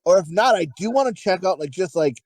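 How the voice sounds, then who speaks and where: A man hosting a casual podcast, rambling excitedly and swearing freely. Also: high voice, quick pace, dry recording. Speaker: podcast host.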